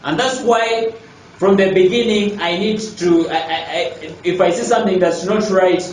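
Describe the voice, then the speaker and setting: A man's voice: high voice, moderate pace, a little hiss or hum. Emphatic male coach in an echoey room. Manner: emphatic, repeats key lines, rhetorical questions. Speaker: life coach. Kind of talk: motivational talk to a group. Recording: echoey room, distant mic.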